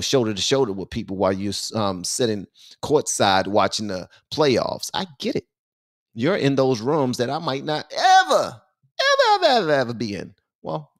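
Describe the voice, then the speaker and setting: A man delivering opinion commentary on his own channel. His pitch swings widely as he presses each point, and he repeats words for emphasis in a preachy tone.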